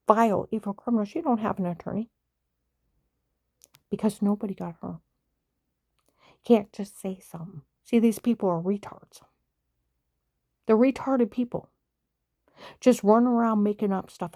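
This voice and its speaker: Gravelly, indignant woman ranting. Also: medium pitch, warm tone, dry recording, clean studio sound. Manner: stutters when upset. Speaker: vlogger. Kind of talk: angry personal monologue.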